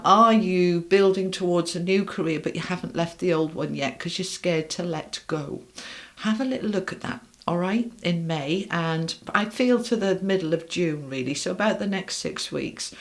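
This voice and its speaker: A woman's voice: on the low side, moderate pace. A middle-aged woman giving a casual tarot reading, chatting to viewers in an upbeat way and speaking straight to them. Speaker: tarot reader.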